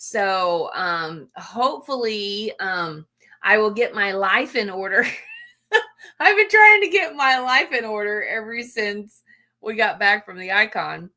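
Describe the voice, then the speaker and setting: A livestream host greets viewers in a casual chat, her words gushing, emotional, and full of fillers. She speaks slowly in an expressive mid-range voice with a sharp tone.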